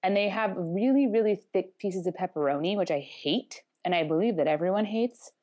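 A woman's voice: medium pitch, fairly quick, a little mellow. A woman co-hosting a podcast, telling rambling stories in a dry, wry casual chat. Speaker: podcast co-host.

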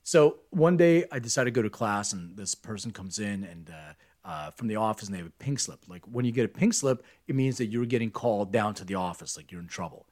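Low-voiced man telling rambling stories. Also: expressive, fairly quick, hardly any pauses, a little mellow. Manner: candid and rambling, swears freely. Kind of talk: casual storytelling chat.

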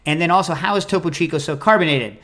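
A man hosting a podcast in casual chat, talking in an animated, rambling, jokey way. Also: on the high side, quick pace. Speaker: podcast host.

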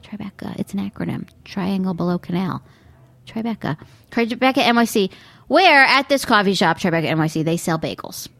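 A woman's voice: mid-range voice, expressive, a little fast, fairly bright tone, no room sound. A middle-aged woman from Brooklyn hosting a podcast, delivering a sarcastic, rambling comic monologue full of mocking asides. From Brooklyn, United States. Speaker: podcast host. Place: sitting near a busy pizza restaurant.

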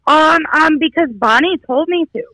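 A woman's voice: sits high, moderate pace, pushed and bright, low-quality recording. A woman from Minnesota calling in to a podcast over the phone, giving brief, amused replies. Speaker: caller. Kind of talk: phone call-in. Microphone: phone line.

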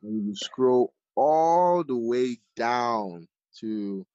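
A man from Nigeria, a chef, telling his story casually in an interview, animated and full of fillers. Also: medium pitch, drawn-out words, dry recording. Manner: animated, many fillers like "like" and "you know". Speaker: chef, podcast guest. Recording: dull lo-fi audio.

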